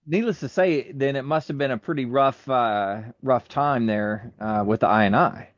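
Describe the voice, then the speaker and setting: A man's voice: medium pitch, moderate pace, dry recording. Male podcast host, easygoing reactions, muffled dry recording. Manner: easygoing, reacts with short affirmations. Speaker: interviewer host. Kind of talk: interview questions.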